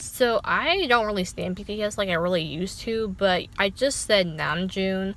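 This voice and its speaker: A woman telling a casual storytime vlog, animated and swearing freely, leaping up in pitch when she quotes people. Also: moderate pace, hardly any pauses, a little hiss or hum. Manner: dramatic pitch jumps when quoting people. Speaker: vlogger.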